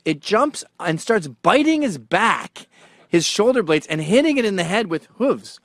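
A man in his forties hosting a show, telling profane comedic stories and jumping between low mumbling asides and sudden loud outbursts. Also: big pitch swings, normal speed, no echo, clean studio sound. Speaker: show host.

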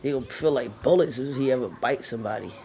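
A woman's voice: very deep voice, fast talker, mellow, husky. A woman filming her dogs at play, chatting casually, laughing, and cooing at them. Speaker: dog owner filming her pets. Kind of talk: casual home video commentary.

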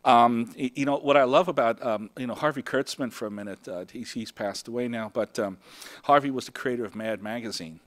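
A man's voice: mid-range voice, fairly quick, a bit bright. An older man from Brooklyn, New York, giving an emotional acceptance speech at a festival, rambling with many fillers. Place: festival stage.

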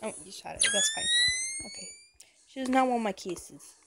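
A woman's voice: high-pitched, wildly swooping pitch, normal speed, very noisy. A woman playing a horror game and commenting along, chatty and jokey, talking back to the characters on screen. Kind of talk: let's-play commentary.

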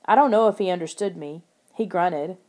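A woman narrating a children's horror audiobook in the first person, steady and expressive. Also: fairly low pitch, normal speed.

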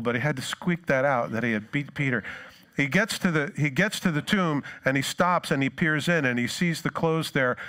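A male pastor preaching a sermon, retelling scripture in a lively storytelling way and briefly acting out the people in it. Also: medium pitch. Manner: animated storytelling, acts out quoted lines.

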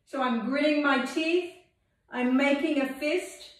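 A woman teaching English through movement, giving calm step-by-step instructions in a library room. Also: high-pitched, takes it slowly, far from the mic. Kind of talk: guided movement lesson. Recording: very echoey room.

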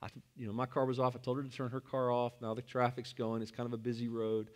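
A man's voice: mid-range voice, completely flat delivery, quick pace. A male pastor giving a sermon in a conversational, storytelling manner, weaving a personal anecdote into his teaching.

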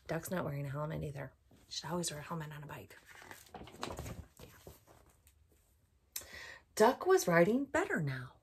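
A woman storyteller reading a picture book aloud for a bedtime program, gently asking children questions as she goes. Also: deep voice, very animated, normal speed, gravelly, long pauses, noisy background.

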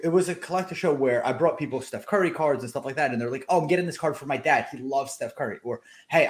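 A man on a casual podcast, earnestly explaining his views as a sports card collector. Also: medium pitch.

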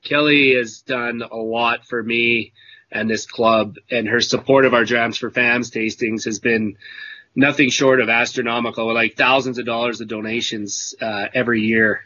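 Rambling bright-voiced man on a call. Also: medium pitch, little pitch movement, moderate pace, lo-fi sound. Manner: rambling storyteller, self-correcting. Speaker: whisky club member. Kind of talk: casual chat.

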